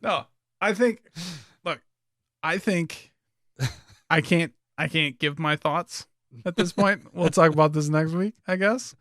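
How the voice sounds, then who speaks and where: Man, high and lively voice, dry close mic, playful casual co-host. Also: slow pace, pauses often, no room sound. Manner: playful, teasing, animated. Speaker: podcast co-host. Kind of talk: casual chat.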